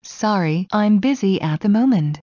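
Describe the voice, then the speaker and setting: Woman, slow phrase-by-phrase reading, mellow tone, dry dull lo-fi sound. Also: medium pitch, expressive, no echo. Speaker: English teacher. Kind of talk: reading practice phrases aloud.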